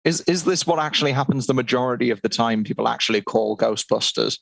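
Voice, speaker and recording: A man on a comedy panel, offering halting guesses that start over several times. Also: mid-range voice, creaky, a bit bright, dry recording.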